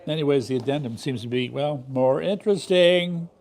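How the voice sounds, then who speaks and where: A man's voice: mid-range voice, moderate pace, a little mellow. A man hosting a political commentary show, talking in an indignant, emphatic way full of rhetorical questions. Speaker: show host.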